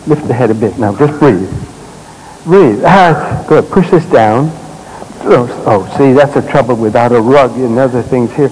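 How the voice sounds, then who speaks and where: A man leading a live therapy demonstration on a stage, giving gentle, directive instructions in short commands and explaining to the audience as he works. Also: medium pitch, moderate pace, slight background noise, low-quality recording. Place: stage at a congress.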